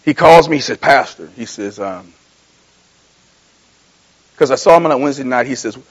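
A man preaching a sermon as pastor, telling homespun stories, dropping low and then rising into loud calls to the congregation. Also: lively intonation, moderate pace, husky, low-quality recording. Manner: folksy storytelling, swings from low mumbling to loud exhortation; repeats and restarts phrases.

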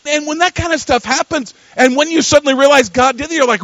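Older male preacher, high-pitched, storytelling sermon delivery that rises to forceful emphasis. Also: animated, normal speed, hardly any pauses, no room sound, low-quality recording. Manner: storytelling preacher, swinging from quiet asides to loud emphatic peaks. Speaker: pastor.

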